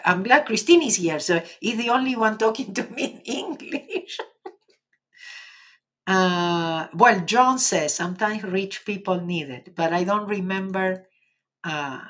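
Argentinian lady chatting on a live stream, kinda husky and low, lots of ums, encouraging. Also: slow. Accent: Argentinian Spanish. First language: Spanish. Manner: gentle, encouraging, many fillers. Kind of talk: casual live chat reading viewer comments.

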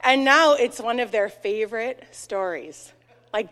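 Bright-voiced woman leading a children's message. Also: fairly high pitch, takes it slowly. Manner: lively, asks children questions. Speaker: children's message leader in church. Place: church sanctuary. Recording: long church reverb.

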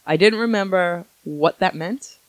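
A woman co-hosting a podcast in a casual chat, chatty and animated, often giggling. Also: lowish voice, a little slow, dry recording. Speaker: podcast co-host.

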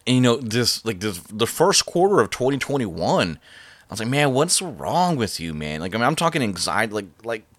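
Brief: man, very low voice, rambling casual storyteller, dry close sound. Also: fairly bright tone, no room sound. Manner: rambling, halting, many fillers and restarts.

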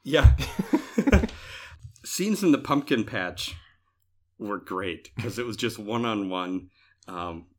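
Animated, laughing man co-hosting a podcast. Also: fairly low pitch, slow, long pauses. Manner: animated, laughing, acts out characters' lines. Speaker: podcast co-host. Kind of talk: casual podcast chat.

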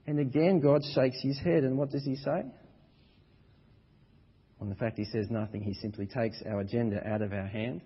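A man preaching a sermon as pastor, swinging between loud, emphatic exhortation and quiet, low passages. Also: normal speed, pauses often, husky. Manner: builds to loud, high-pitched emphatic preaching, then drops quiet. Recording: dull sound with long reverb in a large hall.

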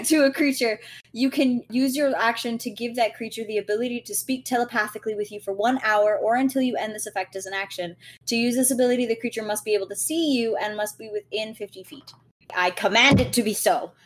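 Quick-talking woman playing a tabletop game. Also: a little high. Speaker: player. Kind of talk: casual tabletop game play.

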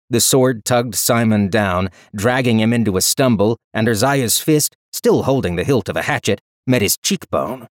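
A man narrating a fantasy audiobook in an expressive, dramatic storytelling style on a close studio mic. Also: medium pitch, no echo. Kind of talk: scripted narration.

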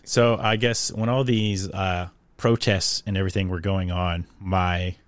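A man's voice: low voice, little pitch movement, a little slow, dry recording. A young man from the New York area, talking in a rambling, sarcastic way with lots of fillers in casual chat.

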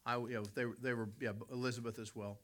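A man's voice: mid-range voice, level tone, quick pace, fairly bright tone. An American man from West Virginia, middle-aged, preaching a sermon and telling a personal story to his congregation, often correcting himself as he goes. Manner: storytelling, self-correcting, addresses congregation directly.

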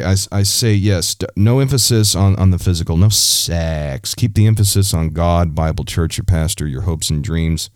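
A man's voice: low voice, a little mellow, no echo, studio quality. A man hosting a Christian advice podcast, answering a listener's question in a conversational, preacherly way. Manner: conversational, preacherly, with frequent "you know" and restarts. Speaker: podcast host.

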